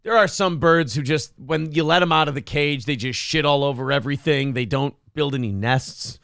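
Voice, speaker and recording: A man's voice: on the high side, normal speed, gravelly, fairly bright tone, clean tone, no echo, studio quality. An American man hosting a morning show, ranting and joking sarcastically in casual banter. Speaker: radio show host.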